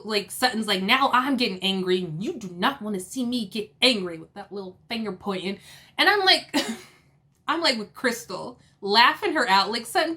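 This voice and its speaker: A woman vlogger giving an animated, exasperated review of a reality TV episode, quoting people in mock voices. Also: on the high side. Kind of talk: casual opinionated review.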